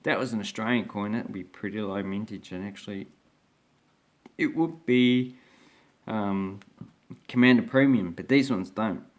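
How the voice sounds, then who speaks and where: Man, fairly low voice, casual show-and-tell talk, rambling, hesitant, restarts a lot. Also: moderate pace, pauses often. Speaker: coin collector vlogger.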